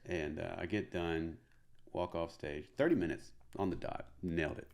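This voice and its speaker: Casual deep gravelly guy from middle tennessee, tells stories with lots of "like"s. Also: moderate pace. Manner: animated, filler-heavy storytelling. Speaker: comedian guest. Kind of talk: casual storytelling.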